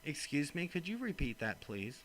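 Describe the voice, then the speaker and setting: A man's voice: a little high, big pitch swings, normal speed, fairly bright tone, a little hiss or hum. A man angrily demanding help on a customer service phone call, sarcastic and confrontational. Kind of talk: heated phone complaint.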